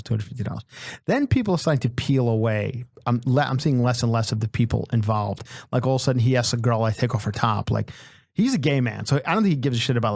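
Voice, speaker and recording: A man's voice: mid-range voice, creaky, a little mellow, dry recording, studio quality. A man hosting a podcast, telling a long comic story in a casual, profane way and acting out the people in it. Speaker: podcast host.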